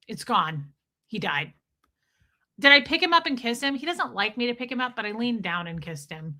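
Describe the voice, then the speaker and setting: A middle-aged woman streaming live, chatting to her viewers and telling a story with deadpan, animated quotes. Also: a little high, quick pace. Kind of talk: casual storytelling to a live chat.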